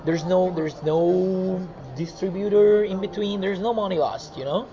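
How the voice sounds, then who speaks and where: A man's voice: high-pitched, a little slow. A man being interviewed about his comic art in a casual chat, telling stories animatedly with many restarts and repeated words. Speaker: comic artist guest. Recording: muffled recording with busy crowd.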